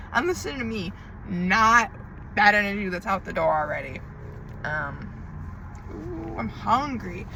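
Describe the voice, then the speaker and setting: Bright-voiced woman venting with swearing. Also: mid-range voice, a little hiss or hum, low-quality recording. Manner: swearing, venting, emphatic repetition. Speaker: tarot reader. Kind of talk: emotional diary-style monologue.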